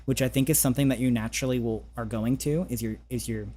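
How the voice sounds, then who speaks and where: A man coaching singing in a relaxed online session, talking gently with many restarts and fillers, now and then singing a few scale notes. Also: medium pitch, quick pace, a little hiss or hum. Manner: sings short scale demos. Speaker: vocal coach. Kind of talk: casual vocal lesson over a call.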